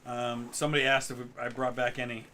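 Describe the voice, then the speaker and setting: A man's voice: medium pitch, fast talker, slight background noise. A middle-aged American man, co-hosting a live stream, chatting casually and answering viewers' questions. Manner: relaxed, rambling, answers chat questions. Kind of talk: casual chat.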